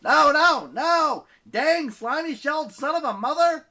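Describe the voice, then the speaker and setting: A man reading an audiobook, voicing a frantic teenage boy mechanic who yells in panic. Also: very high-pitched, very animated, normal speed, voice pushed up, full character voice. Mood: panicked yelling. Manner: yelling in panic.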